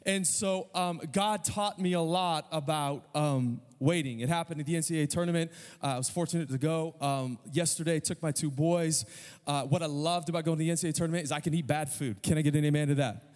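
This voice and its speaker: A man's voice: fairly high pitch, darkish tone. Man preaching with humor in a hall. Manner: storytelling with self-deprecating humor, quick asides. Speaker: pastor. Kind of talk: sermon.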